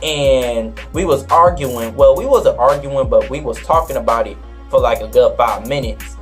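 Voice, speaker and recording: Young man, slangy storyteller, mid pitch, soft music underneath. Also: moderate pace. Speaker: vlogger. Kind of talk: storytime vlog.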